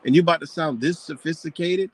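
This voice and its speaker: A man's voice: a little high, fast, slightly rough. A man ranting in a scornful, profane commentary, mocking what he reads and firing off rhetorical questions. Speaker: commentator reacting to a book.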